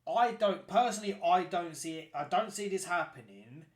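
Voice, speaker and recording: A man co-hosting a podcast, chatting excitedly, swearing a lot and acting out quotes. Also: high-pitched, normal speed. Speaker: podcast co-host. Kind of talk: casual chat. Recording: roomy echo.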